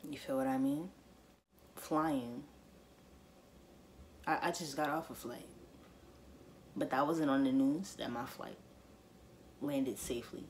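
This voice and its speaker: A woman's voice: a bass voice, fairly even intonation, slow, long pauses, darkish tone, slight background noise. A woman vlogger in a casual to-camera monologue, speaking emphatically and repeating her points straight to her viewers.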